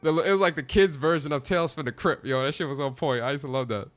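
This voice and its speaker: A man's voice: a little high, fast, a bit bright, faint music behind. A man hosting a casual livestream chat, talking in a chatty, slangy way and reacting to viewers. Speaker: podcast host.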